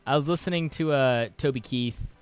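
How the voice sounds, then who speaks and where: A man's voice: mid-range voice, moderate pace, clear, resonant tone, soft background music. Laid-back joking young man. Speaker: co-host of a stream. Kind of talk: casual stream chat. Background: royalty-free jazz.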